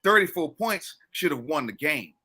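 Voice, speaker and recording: New guy on a sports podcast, sharp bright voice, rambles with tons of fillers. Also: fairly high pitch, sing-song, moderate pace, poor audio. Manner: rambling, heavy fillers like "you know" and "bruh". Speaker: podcast co-host. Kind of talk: casual sports chat.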